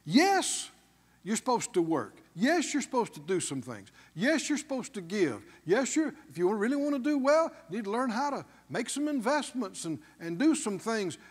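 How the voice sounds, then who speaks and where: Man, pastor, emphatic sermon, lively pitch, long reverb of a church hall. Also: moderate pace, husky. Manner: emphatic call-and-response preaching.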